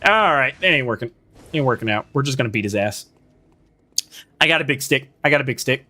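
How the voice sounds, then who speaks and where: A man's voice: medium pitch, animated, fairly quick, sharp tone. A young man casually commenting as he plays a game on stream, reacting, swearing and talking to his chat.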